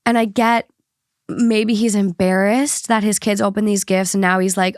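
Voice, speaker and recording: A woman's voice: mid-range voice, level tone, moderate pace, no echo, studio quality. A woman hosting a podcast, talking in a heated, indignant way with a stuffy nose. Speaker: podcast host. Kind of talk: casual podcast chat.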